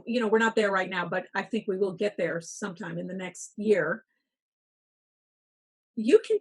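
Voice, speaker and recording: A woman's voice: medium pitch, husky. A middle-aged woman, a workplace wellness speaker, giving advice and telling stories as a guest in a podcast interview. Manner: storytelling, coaching tone.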